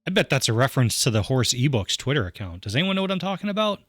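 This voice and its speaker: A man's voice: mid-range voice, sing-song, very fast, fairly bright tone, dry recording, studio quality. A man playing through a dating game, reading lines aloud and joking along. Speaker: game streamer.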